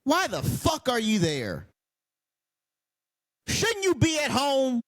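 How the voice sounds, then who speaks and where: A man's voice: very high-pitched, huge pitch swings, takes it slowly, fairly bright tone. A man ranting heatedly in a casual commentary video, swearing and repeating himself as he rambles. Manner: heated, profane, rambling and repetitive. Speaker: wrestling commentary vlogger.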